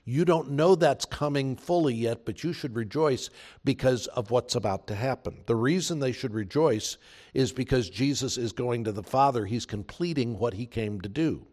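A man's voice: mid-range voice, moderate pace, darkish tone. Earnest male pastor preaching. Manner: earnest, emphatic preaching with repeated phrases. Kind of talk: sermon.

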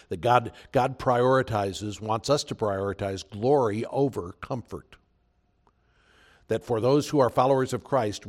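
A man preaching a sermon as pastor, earnest and emphatic, repeating phrases for weight. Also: lowish voice.

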